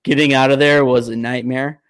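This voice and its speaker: Young man, sports podcast co-host, swears a lot, animated storyteller, dry close recording. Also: medium pitch, normal speed, clear, resonant tone, no room sound. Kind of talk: casual sports chat.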